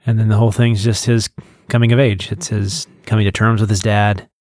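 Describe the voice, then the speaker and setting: A man's voice: lowish voice, flat delivery, brisk, a little mellow, no room sound, clean studio sound. A man co-hosting a podcast, analyzing a book in a matter-of-fact way. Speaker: podcast co-host. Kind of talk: casual book discussion.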